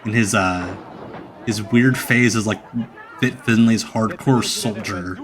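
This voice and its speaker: With a fairly low voice and a slow pace, a young man runs a casual watch-along stream, a crowd audible behind him. He jokes around and gets enthusiastic about the match.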